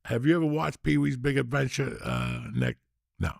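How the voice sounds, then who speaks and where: A man hosting a podcast, telling stories in a loose, profane, excitable way. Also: mid-range voice, moderate pace, gravelly, no room sound, clean studio sound. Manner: profane, excitable, animated storyteller. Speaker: podcast host. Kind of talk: casual storytelling chat.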